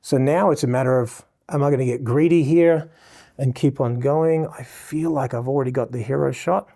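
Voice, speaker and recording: A man with an Australian accent gives a live portrait lighting lesson while shooting, explaining each setting to viewers and effusively showering the model with praise. His medium-pitched voice is gravelly and warm, at a normal speed.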